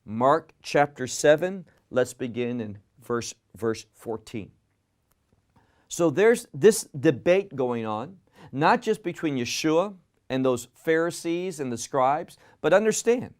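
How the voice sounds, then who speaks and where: A man's voice: a little high, darkish tone. A man teaching a Bible lesson in sermon style, emphatic, repeating words for stress and asking rhetorical questions.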